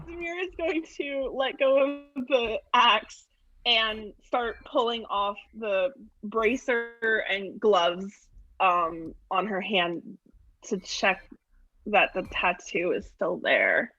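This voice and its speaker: Woman rpg player, slow and unsure, lots of ums, muffled lo-fi sound. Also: medium pitch, bright, forceful tone. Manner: hesitant, filler-heavy. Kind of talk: tabletop role-play chat.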